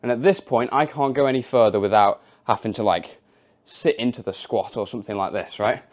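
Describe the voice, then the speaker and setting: A man's voice: mid-range voice, fairly quick, darkish tone. A young man, casually explaining and demonstrating home leg exercises as a fitness coach. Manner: casual, chatty, demonstrating moves while explaining.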